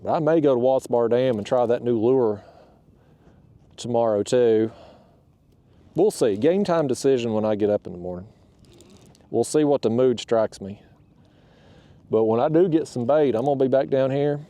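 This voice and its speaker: A man's voice: medium pitch, normal speed, long pauses, dark tone, no room sound. A man hosting a fishing vlog from a kayak outdoors. He talks in a folksy, chatty way and speaks to the fish while recorded on a boat-mounted camera. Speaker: kayak fishing channel host. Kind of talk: casual on-the-water vlog talk.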